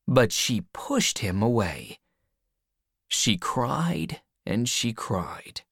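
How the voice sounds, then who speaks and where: Woman narrator, low voice, very slow and clear reading, lively pitch, dry close sound. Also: no room sound. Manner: slow, clear graded-reader delivery. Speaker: reader. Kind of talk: scripted storybook narration.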